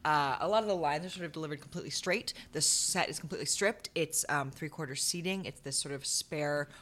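A young woman talks through a theater production on the podcast she co-hosts, keeping it casual and filling her speech with hedges. She has a low, fairly bright voice and a brisk delivery.

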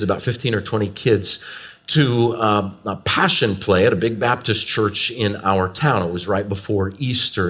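A man in his forties preaching a sermon, telling family stories with animated, swooping emphasis. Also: fairly low pitch. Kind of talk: storytelling sermon.

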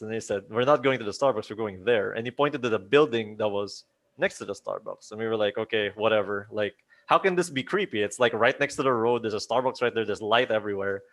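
A young man tells a spooky story to a group of friends, his voice sitting at an ordinary middle pitch. He talks casually, keeps throwing in "like", restarts his sentences, and slips into other voices to act out what people said. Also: a little fast. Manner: animated, acts out quoted voices, many likes and restarts. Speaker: storyteller on a group chat show.

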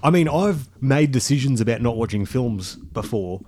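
A man's voice: mid-range voice, lively intonation, moderate pace, a little mellow, a little hiss or hum. A man co-hosting a podcast, casual and rambling with frequent giggles. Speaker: podcast co-host. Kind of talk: casual chat.

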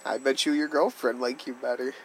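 Gravelly, teasing young man. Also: medium pitch, fairly even intonation, brisk, a little hiss or hum, low-quality recording. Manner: teasing, crude, joking. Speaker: podcast co-host. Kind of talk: casual chat.

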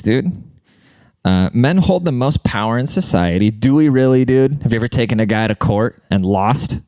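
A man's voice: fairly low pitch, a little mellow, no room sound. A man ranting in a casual monologue, blunt, profane and mocking.

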